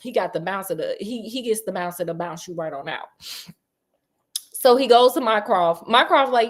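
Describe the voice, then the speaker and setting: A woman's voice: fairly high pitch, moderate pace. Sassy, slangy woman storyteller. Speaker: storyteller host. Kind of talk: casual retelling of a classic story.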